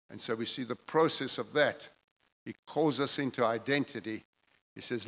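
A man's voice: mid-range voice, moderate pace, fairly bright tone, rough recording. A man preaching a sermon, emphatic and repetitive, building his phrases in intensity as he goes.

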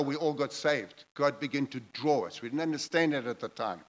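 A man's voice: mid-range voice, a little fast, rough recording. A man preaching a sermon, emphatic and repetitive, building his phrases in intensity as he goes.

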